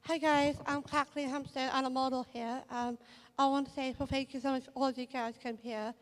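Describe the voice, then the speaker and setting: A woman with a high voice gives a halting, heartfelt thank-you speech, emotional and near tears. She stops often to search for her words. A long reverb from the hall trails after each phrase. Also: little pitch movement. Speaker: model. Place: event hall.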